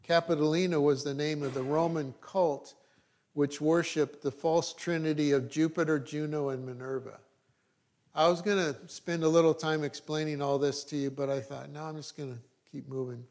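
Man preaching a sermon, fairly high voice. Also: fairly even intonation, moderate pace, a little mellow. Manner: preaching with asides and dry jokes. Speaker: pastor.

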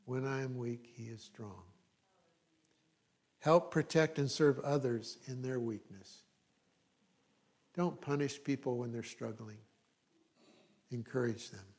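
A man's voice: medium pitch, darkish tone. A middle-aged male pastor preaching a sermon in a conversational way, with asides and frequent check-ins with the congregation.

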